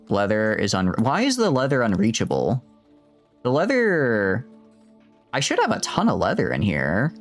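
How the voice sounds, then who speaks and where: A man streaming a game, rambling and joking with his chat in casual gameplay commentary. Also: on the low side. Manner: rambling, jokey, talks to chat.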